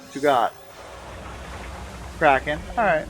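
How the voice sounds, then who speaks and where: A man's voice: medium pitch, sing-song, measured pace, fairly bright tone, soft background music. A man streaming a game from his room, talking to the screen in a sassy, teasing way. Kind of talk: casual gameplay commentary.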